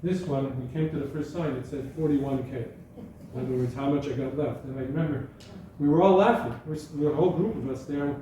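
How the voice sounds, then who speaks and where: Man, guest speaker, conversational, self-correcting, mellow tone, heard from a distance in a very echoey room. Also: mid-range voice, a little fast. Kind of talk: informal talk to an audience. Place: hall at a school gathering. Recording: echoey room, speaker far from mic, faint background noise.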